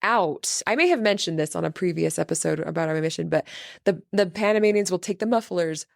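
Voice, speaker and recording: A woman's voice: fairly low pitch, brisk, vocal fry, no echo, studio quality. Laughing woman telling a story. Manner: animated, laughs often through her story. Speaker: podcast host. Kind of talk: casual storytelling chat.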